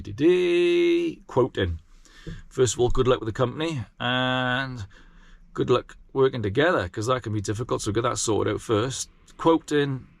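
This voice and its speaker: A man who runs a gardening business, answering viewer questions in a rambling, chatty, self-deprecating way. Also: fairly low pitch. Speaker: gardening business owner vlogger. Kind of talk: casual vlog Q&A talk.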